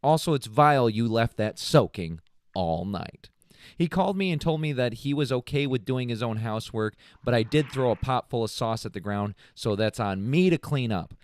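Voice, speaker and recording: A man's voice: medium pitch, expressive, moderate pace, no room sound. A man co-hosting a comedy podcast, chatting casually and reading a post aloud, joking and laughing often. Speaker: podcast co-host.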